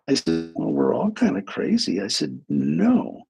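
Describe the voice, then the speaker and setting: A man's voice: fairly high pitch, wildly swooping pitch, a little slow, vocal fry, over music, poor audio. A man speaking as a hypnotherapist, telling client stories in a casual livestream talk full of restarts and asides. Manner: conversational storytelling with restarts.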